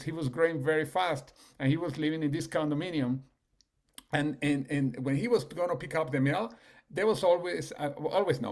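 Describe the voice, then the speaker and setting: Animated man telling stories, gravelly. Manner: animated, acts out quoted people with rising pitch. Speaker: business leader. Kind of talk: storytelling in a business call.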